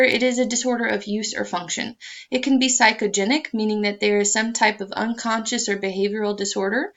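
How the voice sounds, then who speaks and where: A woman's voice: a little high, fairly bright tone. A woman lecturing to students in an explanatory way, with frequent ums and uhs, on a dull lo-fi recording.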